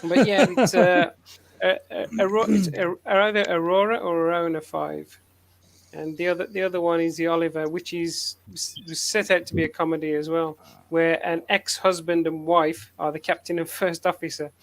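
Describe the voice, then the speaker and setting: A man's voice: a little high, level tone, normal speed. A man hosting a casual group chat on a call, rambling and hesitant with many fillers. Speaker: host.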